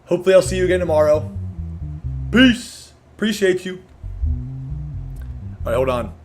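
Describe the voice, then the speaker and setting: A man streaming a video game, reading and reacting in a loud, slangy, profane and excitable way. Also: high-pitched, moderate pace, faint music behind. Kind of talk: casual gameplay commentary.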